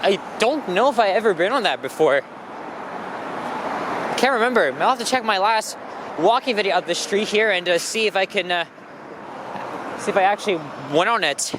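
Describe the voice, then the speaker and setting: A man with a notably high-pitched voice chats loosely as he walks outdoors, trailing into fillers and restarting his sentences. He talks into a handheld camera mic on a busy street. Steady traffic and passing buses rumble loudly behind him. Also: normal speed, long pauses. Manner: rambling, animated, frequent fillers and restarts. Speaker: walking vlogger. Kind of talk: casual walking commentary. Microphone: handheld camera mic while walking.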